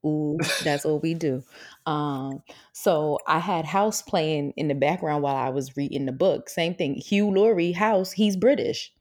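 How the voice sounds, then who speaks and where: A woman's voice: deep voice, unhurried. A young adult woman co-hosting a podcast, chatting casually and laughing often as she tells stories. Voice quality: laughs often, animated storytelling. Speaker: podcast co-host. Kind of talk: casual chat.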